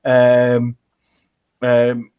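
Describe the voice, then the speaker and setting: A man's voice: medium pitch, monotone, very slow, smooth, no room sound, narrow, tinny audio. A man co-hosting a casual sports podcast, weighing options in an analytical way. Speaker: podcast co-host.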